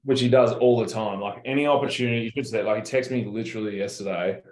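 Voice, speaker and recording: A man's voice: on the low side, fast talker. A young Australian man in a casual interview, telling laid-back stories and swearing freely. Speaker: professional basketball player, guest. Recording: roomy echo.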